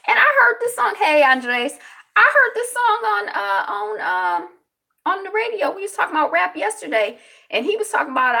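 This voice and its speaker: A middle-aged woman hosts a relaxed live commentary on the news and talks straight to her viewers in the chat. Her voice sits a bit high and leaps up and down constantly. She now and then bursts into loud exclamations. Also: gravelly. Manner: chatty, greets viewers in the chat, quick laughs; animated, breaks into loud exclamations. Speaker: host of a news commentary channel. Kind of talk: casual live-stream commentary.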